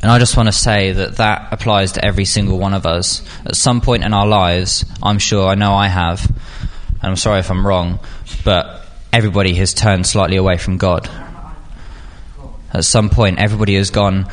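A man's voice: sits low, normal speed. Chatty young man giving a youth talk. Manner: chatty, filler-heavy, animated when acting out scenes. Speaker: youth speaker. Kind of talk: informal sermon.

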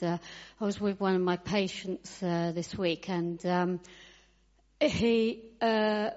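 A woman's voice: medium pitch, darkish tone. A woman who works as a foot health practitioner telling a church gathering about a conversation with a patient, hesitant and full of ums. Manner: hesitant, many ums, laughs at the end. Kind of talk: casual storytelling to a congregation. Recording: dull sound, long hall reverb.

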